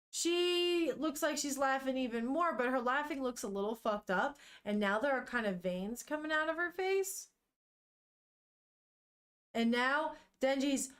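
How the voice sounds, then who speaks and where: Brief: young woman streamer, chatty and animated, a touch high-pitched, unhurried, casually swearing. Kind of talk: reading a manga aloud live to chat.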